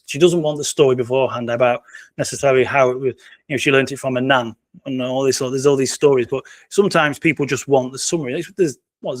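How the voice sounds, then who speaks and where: British man, casual interview guest, rambling, repeats words, chuckles, medium pitch, dry close sound. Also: no echo. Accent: British English.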